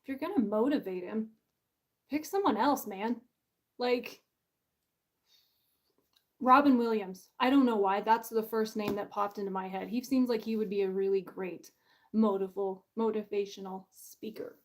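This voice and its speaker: A woman's voice: medium pitch, normal speed, pauses often, a little mellow. A woman author hosting her book launch in a casual livestream chat. She is bubbly and self-deprecating, and she laughs often.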